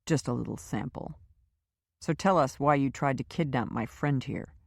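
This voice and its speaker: A woman voicing a calm, quietly menacing man in an audiobook thriller. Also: mid-range voice, moderate pace, vocal fry, no echo, studio quality. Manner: calm, firm, quietly threatening.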